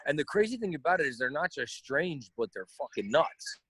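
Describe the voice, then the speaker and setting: A man's voice: on the high side, sing-song, fairly quick, fairly bright tone, breathy edge, dry recording. A man co-hosting a casual podcast chat, telling rambling, profane stories. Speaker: podcast co-host.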